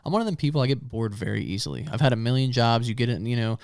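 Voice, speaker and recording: A man's voice: mid-range voice, racing, gravelly, a little mellow, smooth, no echo. A man guesting on a podcast, chatting casually in a blunt, restless, profane way.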